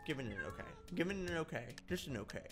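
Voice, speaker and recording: A young man in his twenties giving excitable let's-play commentary, dramatic and given to silly exclamations and mock-outraged shrieks. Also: a little high, very fast, over music. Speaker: gaming YouTuber.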